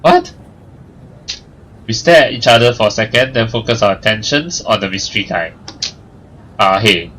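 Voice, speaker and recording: A man's voice: fairly low pitch, a little fast, sharp tone, a little hiss or hum, rough recording. A young man hosting a let's play, reading the narration aloud and adding joking, sarcastic asides.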